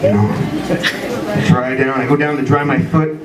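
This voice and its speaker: A man's voice: mid-range voice, moderate pace. A middle-aged man doing a crude, self-mocking stand-up comedy set in a bar, acting out voices. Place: bar or club stage. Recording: echoey room, mic far off, noisy.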